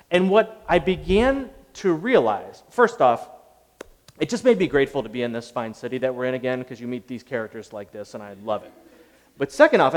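Animated man telling a story in an echoey hall. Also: on the high side. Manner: animated, conversational, self-deprecating. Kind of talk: storytelling talk.

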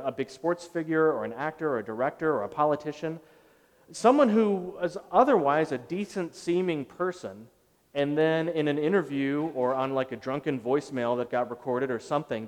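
A middle-aged male pastor preaching a sermon, telling a story on himself in an animated, self-deprecating way. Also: a little high, fairly quick. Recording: long reverb of a large hall.

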